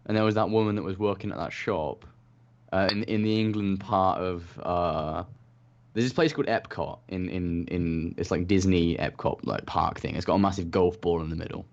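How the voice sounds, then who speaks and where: Low-voiced man rambling on muffled audio. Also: moderate pace. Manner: hesitant, searches for words with many fillers. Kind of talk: casual chat. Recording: dull lo-fi audio.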